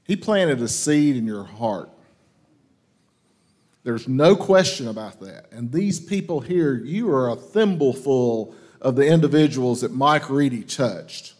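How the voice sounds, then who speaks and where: A man's voice: medium pitch, lively intonation, a little slow, darkish tone. A man giving a memorial speech in an earnest way, stumbling now and then. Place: event hall.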